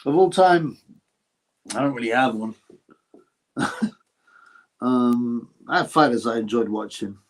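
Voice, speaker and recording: A man's voice: medium pitch, takes it slowly, long pauses. Blunt British man answering live chat. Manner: blunt, crude, reads viewer questions aloud then answers. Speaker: livestream host answering chat. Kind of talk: casual live-chat commentary.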